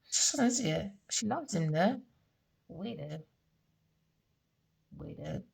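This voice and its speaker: A woman's voice: fairly high pitch, lively intonation, moderate pace, vocal fry, a little mellow, husky, rough recording. A British woman giving an unscripted tarot reading, talking in a blunt, raw, confessional way and swearing freely. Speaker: tarot reader.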